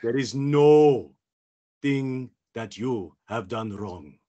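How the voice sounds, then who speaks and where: A man voicing a calm, wise male aquatic alien Jedi with a gentle lilt. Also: medium pitch, muffled recording. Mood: reassuring. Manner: serene, slow, gentle lilt.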